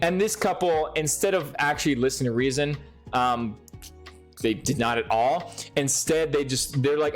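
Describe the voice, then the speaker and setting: A man's voice: a little high, normal speed, soft background music. A young man telling a wild story straight to the camera, swearing freely and getting worked up as he goes. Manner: profane, excitable, lively storytelling. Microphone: speaking to a camera.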